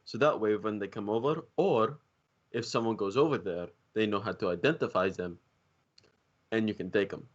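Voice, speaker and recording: A man playing a tabletop game, speaking in a measured, persuading way. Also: lowish voice, highs cut off. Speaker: player.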